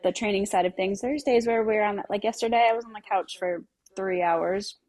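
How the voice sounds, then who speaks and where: A woman's voice: mid-range voice, moderate pace, no echo. A pregnant woman co-hosting a podcast, talking casually and laughing often. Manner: relaxed, laughs often, talks about parenting with her kids. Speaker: podcast co-host. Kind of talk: casual chat.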